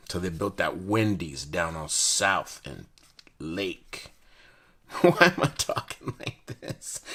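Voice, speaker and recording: Low voiced dude hyping up card decks, slangy and silly, casual chat. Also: male voice. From United States. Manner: excitable, slangy, jokey. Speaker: card collector host.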